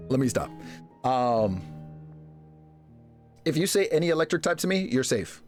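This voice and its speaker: Animated young man chatting on stream. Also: moderate pace, long pauses, soft background music. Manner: animated, jokey, reacting to chat with big pitch jumps and laughs. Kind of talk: casual live-stream chat.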